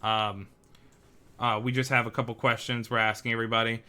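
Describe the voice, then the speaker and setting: A man's voice: mid-range voice, level tone, brisk, pushed and bright, smooth. A man voicing a polite male train police officer, formal and apologetic.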